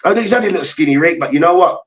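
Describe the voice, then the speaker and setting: A man's voice: a little high, lively intonation, rapid-fire, far from the mic, lo-fi sound. A man co-hosting a heated sports debate, ranting animatedly with lots of slang and swearing. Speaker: co-host.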